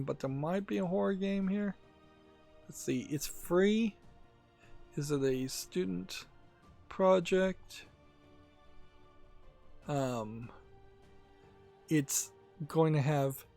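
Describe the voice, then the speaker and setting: A man hosting a gaming channel, talking casually about game news in a rambling, halting way with many fillers. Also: on the high side, creaky, a little mellow.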